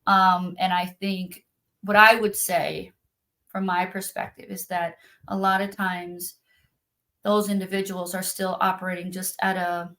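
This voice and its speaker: A woman's voice: fairly low pitch, level tone, a little slow, sharp tone, rough recording. A woman who practices spiritual activation, talking casually and earnestly about her work, with many fillers. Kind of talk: casual conversational talk.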